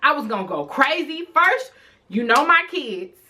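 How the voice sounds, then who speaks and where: A woman talks straight to her camera, retelling a heated personal story in a casual vlog. Her voice is bright and a little high. She is animated and outspoken, with plenty of slang. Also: moderate pace, slight background noise. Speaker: vlogger telling a story.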